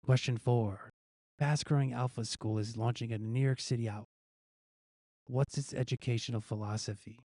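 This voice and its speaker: A man's voice: mid-range voice, steady tone, normal speed, mellow, no echo, studio quality. A male host casually reading out news quiz questions, guessing the answers himself and chuckling at his own gag options.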